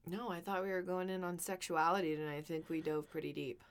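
A woman's voice: fairly low pitch, level tone, fast. A woman co-hosting a podcast, chatting casually with agreeable, wry remarks. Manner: agreeable, wry, laughing asides. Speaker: podcast co-host.

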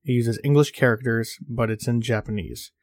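A man hosting a podcast, narrating a horror story in a measured reading with small slips. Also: medium pitch, fairly even intonation, no echo, clean studio sound.

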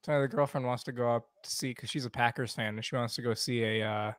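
A man's voice: medium pitch, fairly even intonation, quick pace, smooth, no room sound, clean studio sound. A man co-hosting a podcast, easygoing casual chat with frequent laughter. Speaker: podcast co-host.

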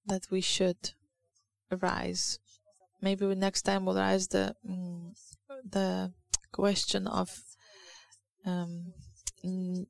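Slow, gravelly woman with a Lithuanian accent. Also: fairly low pitch. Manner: hesitant, searching for words, reads scripture aloud. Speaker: church speaker. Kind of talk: informal sermon.

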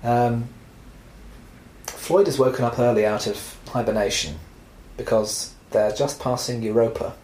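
A man's voice: medium pitch, steady tone, a little slow, a little mellow, reverberant, a little hiss or hum, rough recording. A man co-hosting a casual film podcast, recapping the plot and teasing and correcting his co-host.

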